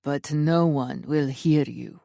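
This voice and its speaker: A woman's voice: low-pitched, slow, gravelly, warm tone, no echo, clean studio sound, pitched below the performer's own voice, exaggerated voice. A woman voicing a huge, menacing male intruder with a Russian accent who speaks patiently and mockingly, in an audiobook.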